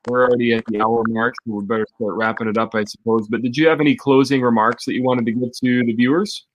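A man's voice: medium pitch, fairly even intonation, fast, dry recording, lo-fi sound. Male host wrapping up an interview. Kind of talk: casual interview wrap-up.

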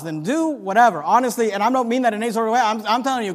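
A man preaching a sermon as pastor, swinging from low confiding talk to loud rising exhortation. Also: lively intonation, fast, few pauses. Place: church sanctuary. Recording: long reverb of a church hall.

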